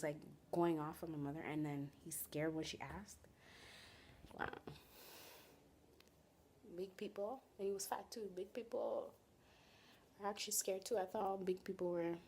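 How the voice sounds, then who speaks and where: A woman's voice: fairly low pitch, darkish tone. A young woman telling a storytime vlog, animatedly retelling a family dispute and voicing each person in turn. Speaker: vlogger.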